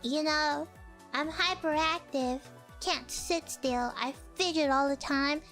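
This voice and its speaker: A young woman streamer telling a story in casual chat, excitable, exclaiming, and mocking herself. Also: high-pitched, slow pace, faint music behind. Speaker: virtual streamer.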